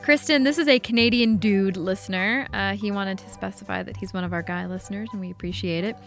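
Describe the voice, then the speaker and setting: A woman co-hosting a podcast, reading listener mail and chatting in a lively, casual way. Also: medium pitch, a little fast, gravelly, soft background music. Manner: lively, animated delivery. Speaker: podcast co-host.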